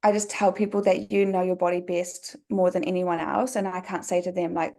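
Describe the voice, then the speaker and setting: A woman's voice: fairly low pitch, flat delivery, fairly quick, hardly any pauses, mellow. A young woman from New Zealand with a New Zealand accent, a podcast guest talking casually and filling her sentences with "like". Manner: chatty, many "like" fillers.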